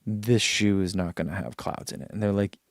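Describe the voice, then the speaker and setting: A man's voice: lowish voice, steady tone, fairly quick, dry recording, studio quality. A man chatting casually on a vlog, rambling through running shoe thoughts and reading viewer comments aloud.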